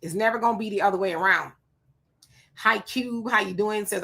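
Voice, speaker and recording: A middle-aged woman hosts a livestream from her home setup. Her voice is bright and clear, with a chatty manner as she reads viewer comments aloud and greets each person by name. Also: medium pitch, a little fast. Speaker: livestream host. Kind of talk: casual livestream chat reading viewer comments. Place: home room. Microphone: home streaming setup.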